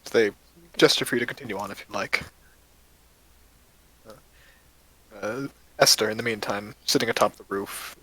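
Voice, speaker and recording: A man's voice: lowish voice, moderate pace, pauses often, fairly bright tone, poor audio. A man running a tabletop game as game master, narrating casually with many fillers.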